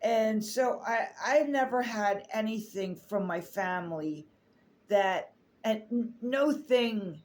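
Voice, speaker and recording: A woman telling a personal story on her vlog, holding back tears, halting with many fillers and restarts. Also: a little high, darkish tone, slight background noise. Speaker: artist sharing a personal story.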